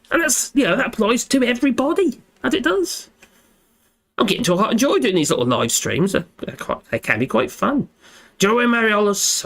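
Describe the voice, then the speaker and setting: A man's voice: high voice, a bit bright. A man hosting a casual live stream, chatting in a rambling way and tagging his lines with little repeated phrases.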